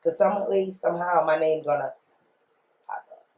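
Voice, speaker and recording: A woman's voice: low voice, normal speed, a little mellow. Blunt New woman rapper, roomy sound. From New Orleans, USA. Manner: emphatic, repeats phrases, slangy and blunt. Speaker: rapper being interviewed. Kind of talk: candid interview storytelling. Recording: roomy echo.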